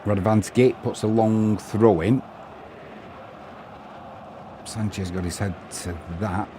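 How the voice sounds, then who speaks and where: Slow and warm, with a lowish voice and fairly even intonation, a man provides solo live football commentary over a faint hiss or hum. Play-by-play alternates with his chatty opinions and replies to viewers in the chat.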